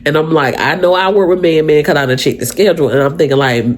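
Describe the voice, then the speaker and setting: A young woman vlogger telling a personal story in a chatty, animated way, talking straight to her viewers. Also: low-pitched, quick pace. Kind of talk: storytime vlog.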